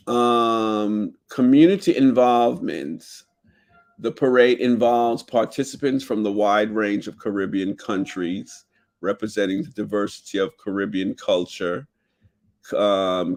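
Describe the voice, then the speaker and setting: A man from Jamaica with a Jamaican accent, hosting a casual talk show and reading from his notes with loose asides. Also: mid-range voice. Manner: reads headings aloud, drifts into loose asides. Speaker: podcast host.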